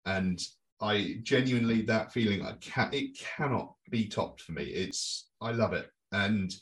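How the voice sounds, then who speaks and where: A man who is a winemaker, co-hosting a casual podcast, talking in halting starts and repeats. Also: on the low side, animated, distant mic. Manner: halting, repeats words, tangential. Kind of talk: casual chat.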